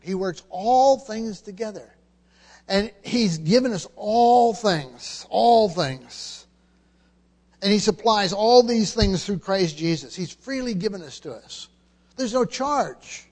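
Male pastor, high-pitched, emphatic expository preacher who repeats phrases; long hall reverb. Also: lively intonation, slow, darkish tone. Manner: emphatic, repeats key phrases, frequent restarts. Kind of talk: expository sermon.

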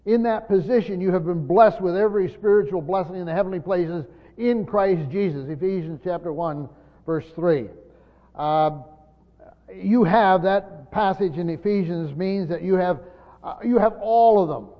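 An older man preaching a sermon in a teacherly way, repeating his points with many pauses and "uh" fillers. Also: high voice. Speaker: pastor. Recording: dull lo-fi sound with long hall reverb.

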